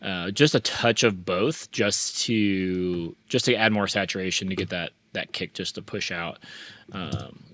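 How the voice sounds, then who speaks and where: A man hosting a relaxed mixing tutorial, talking through his plugin settings with frequent restarts and fillers. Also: low-pitched, measured pace. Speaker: mixing engineer and tutorial host. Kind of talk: casual screen-share mixing walkthrough.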